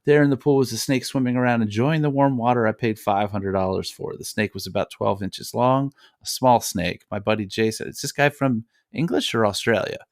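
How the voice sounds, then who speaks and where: A man with a low voice co-hosts a podcast, reading a listener's letter and breaking off to joke. He rambles and restarts often, and the sound is close and dry with no room around it. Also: brisk, hardly any pauses, no echo. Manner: rambling, joking, many fillers and restarts. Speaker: podcast co-host. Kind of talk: casual podcast chat, reading listener mail.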